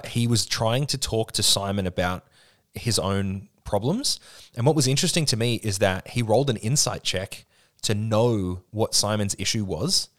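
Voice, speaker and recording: A man in casual podcast chat who talks with enthusiasm, explains things at length and swears freely. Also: lowish voice.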